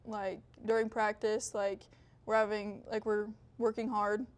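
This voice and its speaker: A young woman from Iowa, a college volleyball player, giving brief soft-spoken interview answers with lots of "like". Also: mid-range voice, level tone, a little slow. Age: young adult.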